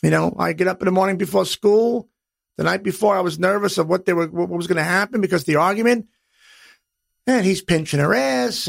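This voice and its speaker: A middle-aged man hosts a podcast in a blunt, profane wise-guy manner. His voice sits high for a man and has a gravelly rasp. The sound is dry and close to the mic. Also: no room sound. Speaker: podcast host. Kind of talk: personal podcast monologue.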